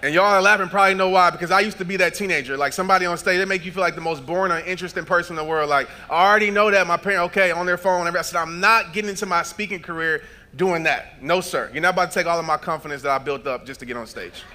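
Bright-voiced man giving a lively keynote. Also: high-pitched, very fast, hardly any pauses. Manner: storytelling with acted-out dialogue, preacher-like build to shouts. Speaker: motivational speaker. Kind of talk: keynote speech. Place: large event hall.

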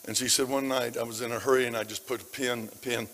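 Preacher with a bright voice in a reverberant hall. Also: male voice, mid-range voice, fairly even intonation, quick pace. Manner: dramatic shifts between hushed and loud. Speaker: pastor. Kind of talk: sermon storytelling. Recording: long reverb of a large hall.

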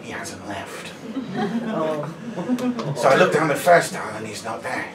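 On stage at a comedy venue, a man in his forties spins a self-deprecating yarn full of "right?", his mid-range voice animated but a little slow. The echoey live room and distant mic pick up plenty of noise from a loud crowd.

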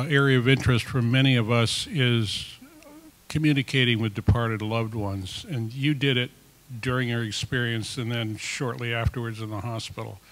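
A man moderating a conference session, asking a measured, deliberate question. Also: medium pitch, a bit bright, poor audio.

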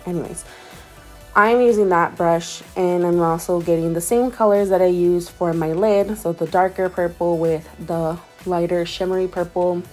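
Beauty vlogger lady, kinda low voice, rambly chatty voice-over, soft music behind. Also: steady tone, moderate pace. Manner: rambling, self-correcting, chatty with many fillers. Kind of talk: casual makeup tutorial voice-over.

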